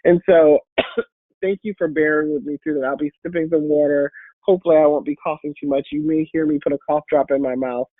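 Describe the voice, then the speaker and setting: A woman's voice: steady tone, a little fast, no room sound. Congested woman on a thin phone-like line. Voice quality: deep voice. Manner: upbeat and encouraging, direct. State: congested and hoarse from a cold. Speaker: guest speaker and patient advocate. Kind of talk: webinar talk. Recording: phone-like online call audio.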